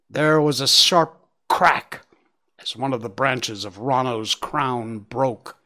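A man narrating a story aloud in an expressive audiobook style. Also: medium pitch.

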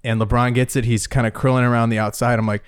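A man in casual podcast chat, telling a story quickly and animatedly, acting out what people said. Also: mid-range voice, clean tone, no room sound, clean studio sound. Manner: fast, animated storytelling with quoted asides. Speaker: concert and sports photographer.

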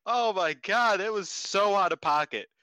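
Excitable guy cohosting a podcast, bright voice, dry close mic. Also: sits high, a little slow, smooth, no echo. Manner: excitable, laughing, swearing, voice jumping up in disbelief. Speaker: podcast co-host. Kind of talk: casual chat recapping wrestling.

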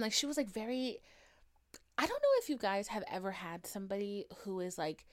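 Chatty young woman with a Southern twang. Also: medium pitch. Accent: American Southern. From United States. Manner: chatty, frequent "like" fillers, swears freely. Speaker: podcast host. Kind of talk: casual storytelling monologue.

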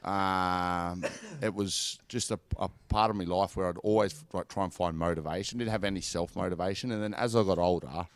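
An Australian man in his thirties telling stories from his football career in a relaxed, rambling podcast chat. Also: low-pitched, moderate pace, hardly any pauses, dry recording. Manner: laid-back storytelling, lots of "like" and "mate". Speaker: former professional footballer guest.

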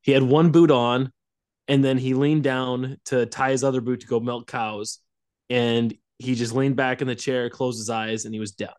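A man's voice: mid-range voice, flat delivery, moderate pace, a little mellow, clear, resonant tone, dry recording, clean studio sound. Young man telling a rambling story. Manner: rambling, laughing storyteller who acts out quotes. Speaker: podcast co-host. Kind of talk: casual storytelling chat.

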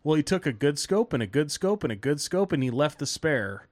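A man on a casual podcast telling a long story, animated and swearing, laughing as he acts out the people in it. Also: on the high side, a little fast. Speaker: podcast host.

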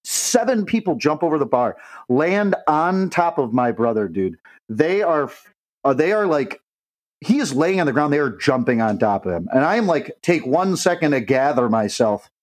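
A young man spins a rowdy, expletive-heavy anecdote as a podcast co-host. His voice sits a touch high and leaps all over the place as he acts out the other people in the story. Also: moderate pace, low-quality recording. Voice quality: profane, animated, acts out quoted voices. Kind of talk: casual storytelling.

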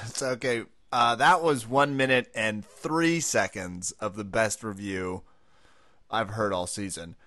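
A man's voice: lowish voice, takes it slowly, bright, forceful tone, no room sound. A man co-hosting a podcast, chatting casually with dry, amused banter. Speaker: podcast co-host. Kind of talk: casual chat.

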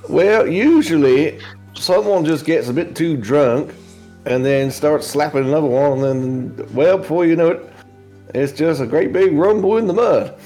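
A man's voice: on the high side, a little slow, warm tone, faint music behind. A man voicing Great Mama, a folksy, pious older swamp woman with a drawling, homespun manner.

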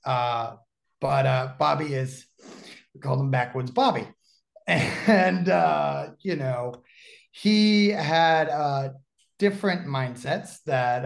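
Animated storytelling man, podcast guest. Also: mid-range voice, vocal fry. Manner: animated, acts out the people in his stories, laughs often. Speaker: guest, pro wrestler.

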